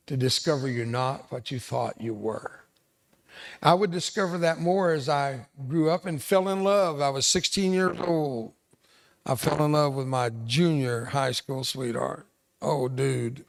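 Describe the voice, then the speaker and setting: A man's voice: medium pitch, a little slow, vocal fry. A man in his seventies, a veteran guest speaker telling stories to students in a school hall, full of self-deprecating jokes. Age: 70s. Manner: joking, self-deprecating storyteller. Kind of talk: storytelling speech to students.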